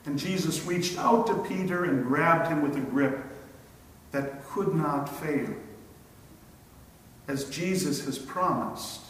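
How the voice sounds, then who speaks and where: A pastor preaching a sermon, slow and emphatic, with dramatic pauses. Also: male voice, a little high, fairly bright tone. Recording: echoey church hall from far off.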